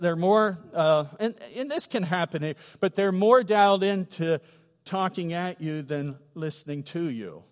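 A middle-aged man preaching a sermon as pastor, conversational and humorous, swelling into loud emphatic bursts. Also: a little high, long reverb tail. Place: church sanctuary.

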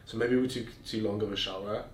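This male podcast host talks quickly in a steady, lowish voice, recounting explicit stories candidly in casual chat that's full of fillers and restarts. The sound is roomy and distant, with faint background noise.

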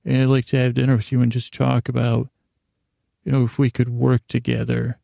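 A man voicing an eager man dreaming of a new circus, gushing and halting with fillers, in a told comedy story. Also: medium pitch, monotone, creaky, mellow, no room sound, studio quality.

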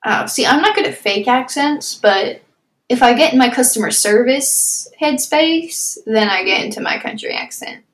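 A woman's voice: fairly high pitch, lively intonation, normal speed, a bit bright. A woman in her twenties co-hosting a podcast, easygoing and giggly as she chats and ad-libs the sign-off. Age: 20s. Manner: easygoing and giggly, reads the outro loosely from memory. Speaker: podcast co-host. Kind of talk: casual chat.

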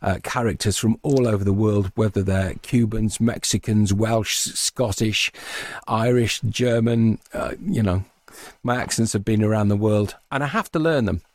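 A man with a somewhat low voice talks casually as an interview guest. He explains his audiobook narration work at length in a chatty way. The sound is close and dry. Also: moderate pace, a little mellow, no echo.

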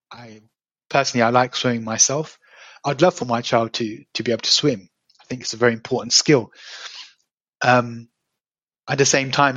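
A man's voice: medium pitch, a bit bright, no room sound. A man speaking as a guest in a casual podcast chat, thoughtful and a little hesitant, often repeating words as he starts.

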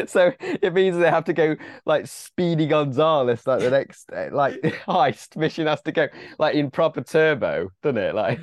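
A man's voice: a little high, animated, measured pace, dry recording, clean studio sound. A man co-hosting a casual podcast, chiming in with enthusiasm and laughter about a film. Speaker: podcast co-host.

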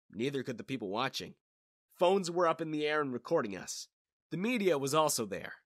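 A man's voice: a little high, sharp tone, no room sound, studio quality. A man telling a story in the first person, in casual scripted narration.

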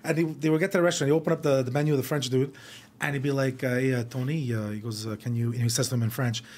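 A man's voice: medium pitch, steady tone, a little mellow. A man on a podcast telling rowdy family stories in casual chat, swearing and laughing as he goes. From Montreal. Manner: fast, profane, laughing while telling stories. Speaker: podcast co-host. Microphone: podcast studio mic.

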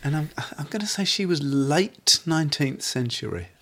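A man's voice: fairly high pitch, animated, moderate pace, fairly bright tone. A man co-hosting a podcast, friendly and encouraging, who asks his questions tentatively. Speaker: podcast co-host. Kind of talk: casual podcast conversation.

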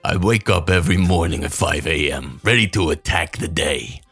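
A man voicing a pompous older billionaire as a Canadian mob boss, slow and menacing, in a comic monologue over faint music. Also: rumbling low, vocal fry, fairly bright tone, husky, pitched below the performer's own voice, heavily acted. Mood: smug menacing. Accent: Canadian, put on.

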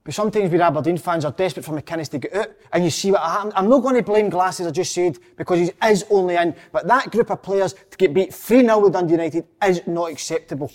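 A man complaining indignantly about his football club and hammering the same point again and again. His voice sits a little higher than most men's. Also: fast, hardly any pauses. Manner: indignant, repetitive. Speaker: football fan on panel. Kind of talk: casual chat.

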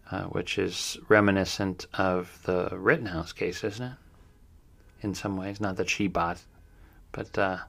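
Guy in his middle years doing a true crime news rundown, low voice, somber, says uh a lot. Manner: somber, steady with frequent fillers and asides. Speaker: podcast host.

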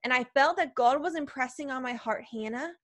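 A woman guest on a faith podcast, telling her story in a lively way, acting out her past thoughts and often asking 'right?'. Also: sits high, brisk, no echo, clean studio sound. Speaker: podcast guest, preacher and speaker.

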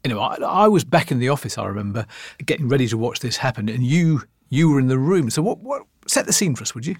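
A man hosting a documentary podcast, narrating in a reflective, measured way. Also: medium pitch, expressive, husky, no echo, clean studio sound. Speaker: host.

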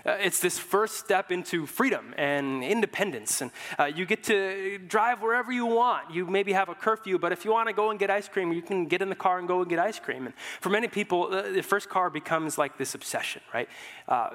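Man, young adult, pastor, sermon, high voice, joking storyteller, headset mic, long church reverb. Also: fairly quick, fairly bright tone. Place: church hall.

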